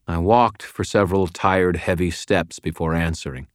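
Deep-voiced man narrating an audiobook. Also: normal speed, few pauses, no echo, clean studio sound. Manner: steady, understated, subdued. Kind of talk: first-person audiobook narration.

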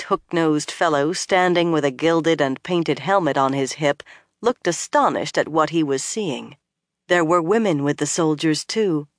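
A measured audiobook narrator with a mid-range voice, reading at an even storytelling pace. The recording is close and completely dry, with no room sound. The delivery stays steady throughout. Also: mid-range voice, no room sound.

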